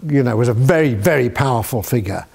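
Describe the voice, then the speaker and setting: A man's voice: medium pitch, animated, fast talker, vocal fry, a little mellow. An older man answering student questions in a university hall, telling anecdotes with chuckles and acting out quoted voices. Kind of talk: anecdotal Q&A storytelling.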